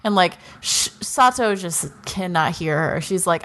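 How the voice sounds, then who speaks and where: A woman's voice: fairly low pitch, lively intonation, measured pace, few pauses, fairly bright tone. A woman co-hosting a podcast, recapping at length in casual chat with many "like"s. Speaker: podcast co-host.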